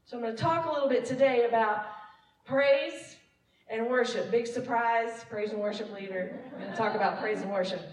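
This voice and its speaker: A woman's voice: on the high side, moderate pace, far from the mic, a little hiss or hum. A woman who leads praise and worship, giving a casual, self-deprecating testimony sermon to her church and laughing often. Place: church sanctuary. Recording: echoey room, mic from afar.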